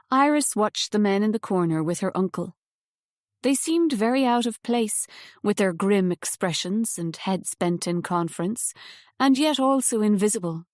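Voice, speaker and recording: A woman narrates an audiobook from a script in a measured, even storytelling manner. Her mid-range voice is captured in a dry, close studio recording.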